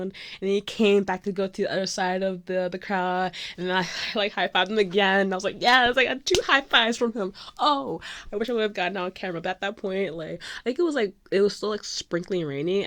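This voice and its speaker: A young woman recounts a story to her vlog camera in a breathless, gushing ramble, her voice sitting a little low. She leans on "like" constantly and flips between excited high squeals and hushed whispers. The sound is close and dry, with no room around it. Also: no room sound. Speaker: vlogger.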